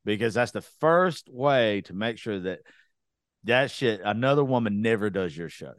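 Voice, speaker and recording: A man's voice: on the low side, lively intonation, normal speed, no echo, clean studio sound. Blunt, swearing man ranting. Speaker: podcast host. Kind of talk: casual podcast chat.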